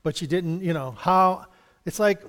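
A man's voice: high-pitched, a little slow, fairly bright tone, in a large hall. A man giving an informal Bible study, chatty and rambling, chuckling often and acting out little exchanges. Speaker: Bible teacher.

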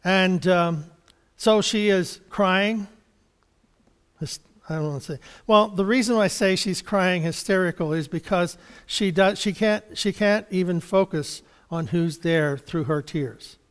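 High-voiced man preaching in a hall. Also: clear, resonant tone. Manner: conversational, halting, chuckles, restarts. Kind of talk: sermon Bible study.

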